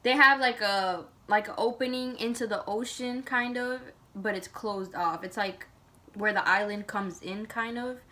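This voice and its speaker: A young woman vlogger telling a personal story in a casual, chatty way, full of fillers and animated turns. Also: medium pitch, unhurried.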